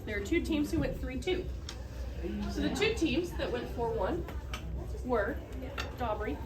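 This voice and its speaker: A woman reads out tournament results and hands out awards. Her voice is high and projected to the room. She sounds far from the microphone. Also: lively intonation, measured pace, echoey room, noisy background. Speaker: awards announcer. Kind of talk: announcing results.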